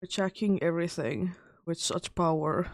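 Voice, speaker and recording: A woman game streamer chatting casually and gently scolding her cat, her voice a little lower and rougher than usual. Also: normal speed, no echo. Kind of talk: casual live-stream chat.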